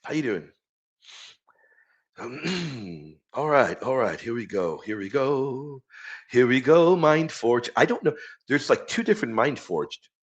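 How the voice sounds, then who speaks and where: A man's voice: mid-range voice, lively intonation, slow, pauses often, highs cut off. A man hosting a live stream, chatting casually and enthusiastically with viewers and reading quotes aloud.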